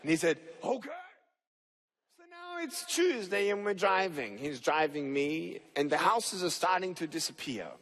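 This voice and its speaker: A young man delivers a motivational talk on a big stage, his slightly high, fairly bright voice sing-song at normal speed with barely a pause. He acts out both parties in a story for the live crowd, and the hall reverberates.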